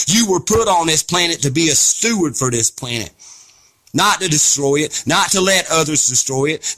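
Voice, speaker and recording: A man's voice: a little high, expressive, moderate pace, a bit bright. A man delivering an impassioned, preachy rant to camera, fiery, scolding, blunt and profane. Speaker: vlogger.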